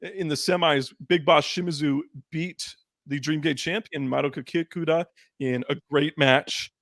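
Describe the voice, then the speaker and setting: A man co-hosting a podcast, recapping matches in quick run-downs and laughing often in casual chat. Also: a little high, fairly even intonation, a bit bright, no echo. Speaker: podcast co-host.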